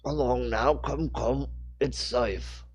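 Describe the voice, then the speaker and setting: Guy doing an old cockney caretaker, gruff, slow, kinda suspicious. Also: mid-range voice, fairly even intonation. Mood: guarded. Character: older male Cockney caretaker, gruff and guarded.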